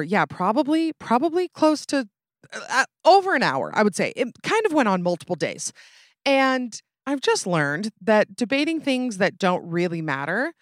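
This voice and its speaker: Young woman podcast host, chatty and animated, lowish voice, dry close sound. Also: no room sound. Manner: chatty, animated, self-deprecating with frequent asides. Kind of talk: casual solo podcast chat.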